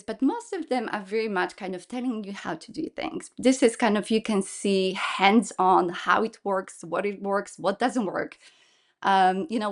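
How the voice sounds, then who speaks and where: A woman from Poland with a mixed Polish and English accent, a kids ministry leader speaking earnestly in a casual podcast interview. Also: mid-range voice. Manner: earnest, practical, searching for words.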